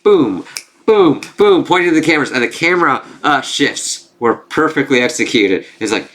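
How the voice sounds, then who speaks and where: A man's voice: mid-range voice, expressive, a little fast, pushed and bright, slight background noise. A man recapping a TV episode in a rambling, casual way, swearing freely and using lots of fillers. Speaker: TV reviewer.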